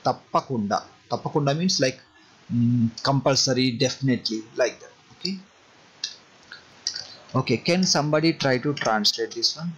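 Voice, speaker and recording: A man's voice: medium pitch, fast talker, a bit bright, a little hiss or hum, rough recording. A man with a Telugu accent, teaching a language class over a video call, patiently explaining step by step and asking students to try. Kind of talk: online class explaining phrases.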